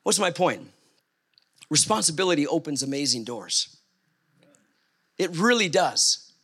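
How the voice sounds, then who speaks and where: A middle-aged man telling a personal story in a sermon, with animated asides. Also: fairly high pitch, a little slow, breathy edge.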